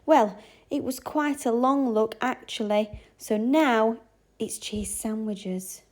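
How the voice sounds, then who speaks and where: A woman's voice: fairly high pitch, slow pace, darkish tone. A woman voicing an eager, chatty young daughter in a storybook.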